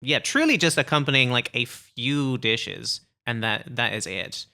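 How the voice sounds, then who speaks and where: British male co-host, bright and crisp tone, casual explainer who hedges a lot. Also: medium pitch, a little slow. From Britain. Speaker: podcast co-host. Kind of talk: casual chat.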